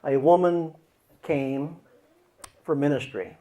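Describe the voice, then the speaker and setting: A man teaching as a Christian counselor, explaining with acted examples and swinging between loud and hushed delivery. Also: fairly high pitch, slow.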